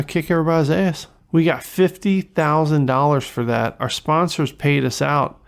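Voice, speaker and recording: Excitable man commentating a fishing game. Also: a little high, vocal fry. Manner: excitable, swears when frustrated, jokey. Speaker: gaming channel host. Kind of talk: casual gameplay commentary.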